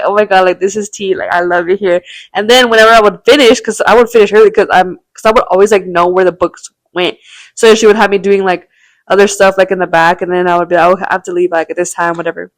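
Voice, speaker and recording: A young woman in her twenties speaks in a medium-pitched voice with no echo. As a podcast co-host, she tells long, rambling stories in slangy, casual chat full of "bro" and swearing.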